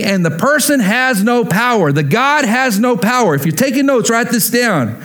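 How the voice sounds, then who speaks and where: A man with a fairly high voice preaches in a church. He is animated and playful, acts out the scenes he describes and drops in humorous asides. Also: moderate pace, few pauses. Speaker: pastor. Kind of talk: sermon.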